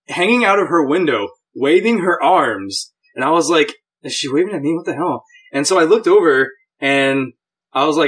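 A man's voice: fairly high pitch, fairly bright tone, husky. A man co-hosting a podcast, telling a story in casual chat with an easygoing, hedging manner. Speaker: podcast co-host.

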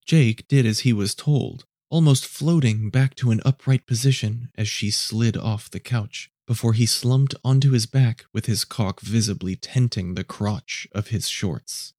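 A man narrating a scripted story in a measured, low-key way. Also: a little mellow, no room sound, studio quality.

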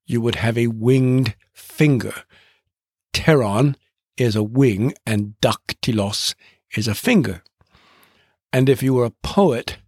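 A man hosting a podcast, narrating in a deliberate way and drawing out rhythms as he explains them. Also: medium pitch, a little mellow, no echo, studio quality. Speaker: podcast host.

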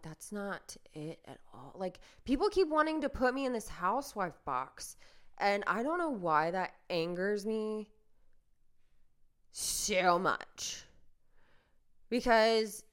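Young woman rambling on her podcast, smooth clear voice, lots of likes and restarts, pokes fun at herself. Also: mid-range voice, fairly bright tone. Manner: rambling, self-deprecating, many fillers and restarts. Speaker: podcast host. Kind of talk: casual monologue.

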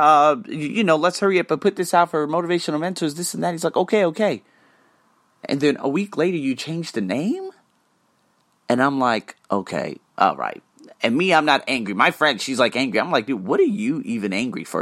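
A man talks through a story in a casual monologue, his pitch rising and falling a lot. He swears freely and acts out what other people said. The sound is close and dry, with no room around it. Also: dry recording. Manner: animated, swears freely, acts out quoted dialogue. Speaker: podcast host.

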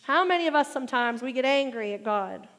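A woman preaches with a high, bright voice that carries through a long, ringing reverb, as if heard in a large hall. Her sermon is animated, and she pushes louder and higher on the points she wants to land. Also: brisk. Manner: animated preaching, rising and loud at emphatic points.

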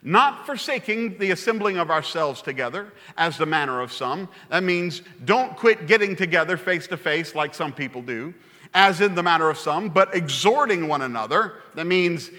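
Man, pastor, animated sermon, punchy repeated phrases, bright voice, echoing church hall. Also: high voice, moderate pace. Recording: long hall reverb.

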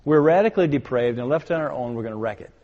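An older man preaching a sermon, his voice carrying with a long reverb like a large hall. His pitch sits in an ordinary middle range. He speaks emphatically, puts questions to the congregation and rises to loud, urgent commands. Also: expressive, fast, highs cut off. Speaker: pastor.

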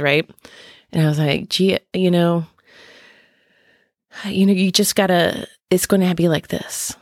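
Middle-aged woman on her podcast, lowish voice with fry, lots of um and like, dry close sound. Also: no echo. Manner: halting, searching for words, many fillers and restarts. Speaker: podcast host. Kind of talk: personal podcast talk.

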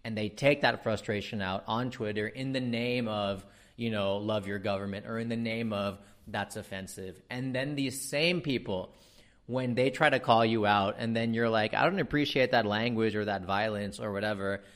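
A man's voice: lowish voice, moderate pace. Exasperated American man ranting. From United States. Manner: animated, exasperated, swears freely, frequent fillers. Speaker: comedian. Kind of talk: ranting monologue.

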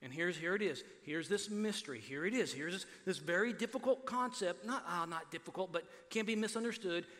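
Animated preacher from Texas, high bright voice. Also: male voice, a little fast, hardly any pauses. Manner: animated, repeats words for emphasis, swings from loud to quiet. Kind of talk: sermon. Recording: reverberant hall.

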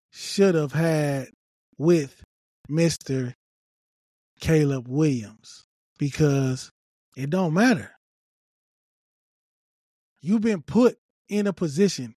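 A man's voice: a little high, a little mellow, no room sound, studio quality. A man giving emphatic, repetitive opinion commentary on a video clip, scolding and lecturing.

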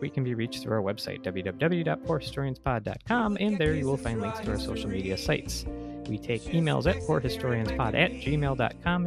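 Deadpan man with a gravelly voice. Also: medium pitch. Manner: dry, deadpan humor. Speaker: podcast co-host. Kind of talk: casual podcast banter and outro.

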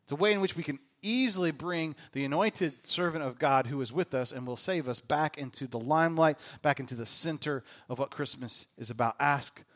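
Male pastor, middle-aged, higher-pitched voice, lively sermon delivery with loud bursts and quiet asides. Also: fairly quick, hardly any pauses. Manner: animated, swings from loud exclamations to hushed near-whispers.

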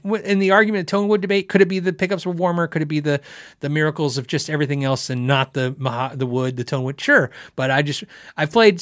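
Guy rambling through viewer questions on a live guitar stream, kinda high voice, dry close sound. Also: dry recording. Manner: rambling, animated, laughs often, acts out quotes. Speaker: host of a live guitar show.

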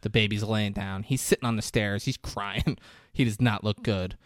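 A man's voice: on the low side, moderate pace, dry recording, clean studio sound. A man in casual chat, animatedly retelling a movie scene and acting out the quotes, with lots of "like" and laughter. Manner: animated storyteller, acts out quotes loudly; frequent "like" and laughter. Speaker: podcast co-host.

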